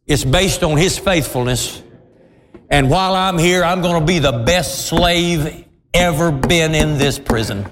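A preacher voicing an earnest young prisoner. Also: male voice, on the high side, unhurried, a bit bright, a little hiss or hum. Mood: resolute. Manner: earnest, pleading. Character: faithful young male Hebrew prisoner. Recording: long reverb of a large hall.

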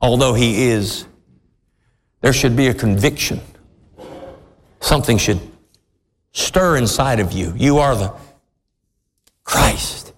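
A male preacher gives a sermon in slow, deliberate phrases, his slightly high voice sing-song and swinging widely in pitch as he presses each point. His emphatic preaching climbs to shouting, and the church hall around him adds a long reverb.

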